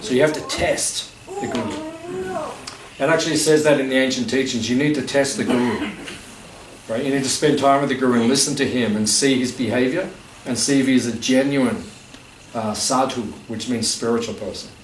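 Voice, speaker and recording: This spiritual teacher has a mid-range voice and speaks fairly quickly, captured by a distant mic in a festival gathering room that echoes, with faint noise. He keeps his talk to the live audience conversational and humorous, with plenty of fillers.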